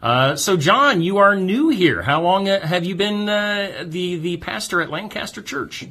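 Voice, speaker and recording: A man's voice: sits high, expressive, unhurried, pushed and bright. A man hosting a local morning show, reading weather and sports news and chatting with a guest, laughing easily. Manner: chatty, upbeat, laughs often. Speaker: host.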